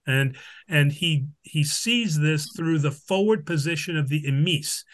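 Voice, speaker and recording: A man's voice: on the high side, measured pace, fairly bright tone. A man teaching a Bible study, talking unscripted with many restarts and "all right?" check-ins. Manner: explains with Greek examples.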